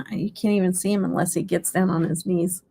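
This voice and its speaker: A woman's voice: lowish voice, steady tone, moderate pace, creaky, slightly rough. A middle-aged woman hosting a beauty live stream, chatting casually and laughing often. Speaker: beauty channel host.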